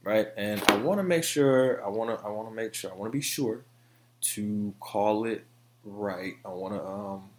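A man hosting a solo podcast, talking in an animated, profane, casual way and now and then breaking into song. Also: on the low side, normal speed, slight background noise. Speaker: podcast host.

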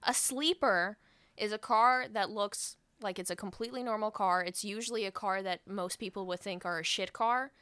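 A woman's voice: medium pitch, normal speed, a bit bright, clean tone, no echo, clean studio sound. A woman co-hosting a podcast, teasing her friend and eagerly explaining car terms in crude casual chat. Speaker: podcast co-host, car enthusiast.

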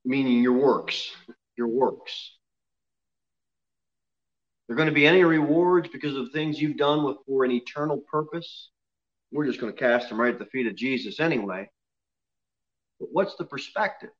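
A man preaching an expository sermon in a church, dropping low and quiet on solemn lines and rising loud on emphasis. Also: normal speed, pauses often, muffled recording. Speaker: pastor. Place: church sanctuary.

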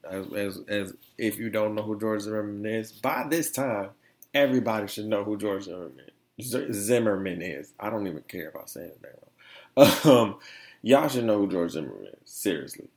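A man's voice: lowish voice, moderate pace. A young man hosting a casual solo podcast, rambling and slangy as he tells stories with plenty of animation. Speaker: podcast host.

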